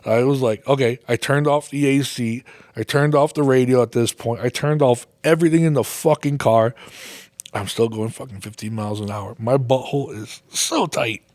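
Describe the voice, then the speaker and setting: A man's voice: medium pitch, normal speed, a little mellow, no echo. A man hosting a podcast, telling a rambling casual story full of swearing and laughing at himself. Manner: rambling, heavy swearing, laughs at his own stories. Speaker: podcast host.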